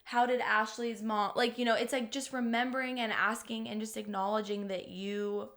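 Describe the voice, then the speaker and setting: A woman's voice: on the high side, level tone, normal speed, a bit bright. A young adult woman co-hosting a podcast, telling personal stories in casual chat with lots of "like". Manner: chatty, emotional storytelling full of "like". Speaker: podcast co-host.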